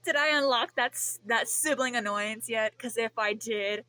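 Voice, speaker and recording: A woman's voice: a little high, normal speed, few pauses, pushed and bright, no room sound. A young woman venting to camera in a rambling, emotional way, swearing often. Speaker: vlogger. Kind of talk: emotional vent.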